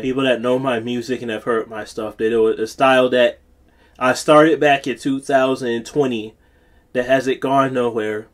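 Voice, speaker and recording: A man, a music producer, giving a casual, rambling studio tutorial as he walks through his own vocal takes. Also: medium pitch. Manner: rambling, chatty explaining.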